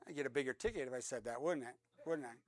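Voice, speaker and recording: A man preaching a sermon, reading scripture aloud and swinging between loud emphatic peaks and soft low drops. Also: very fast, no echo. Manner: reads scripture aloud, repeats words for emphasis. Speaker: pastor.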